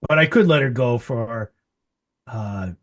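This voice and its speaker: A man's voice: mid-range voice, measured pace, close to an everyday voice. A man voicing a stammering half-orc horse trader. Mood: evasive. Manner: stammering, flustered haggling. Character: big male half-orc horse trader, nervous and greedy.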